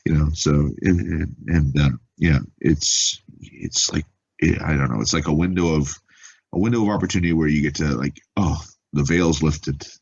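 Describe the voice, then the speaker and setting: A man being interviewed as an author, speaking haltingly and with emotion, often restarting his sentences. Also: very deep voice, gravelly, husky, dull audio. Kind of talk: conversational interview.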